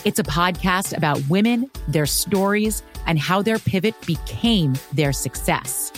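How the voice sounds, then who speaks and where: A woman host reading a scripted promo for her podcast in a measured, earnest way. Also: lowish voice, animated, faint music behind.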